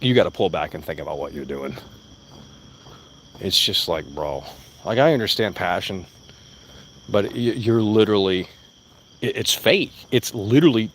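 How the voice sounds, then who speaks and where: Man, deep voice, outdoor vlog, rambling profane rant, faint crickets behind. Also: a bit bright, a little hiss or hum. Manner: profane, blunt, repeats himself. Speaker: vlogger. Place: outdoors among plants. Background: faint crickets and insects.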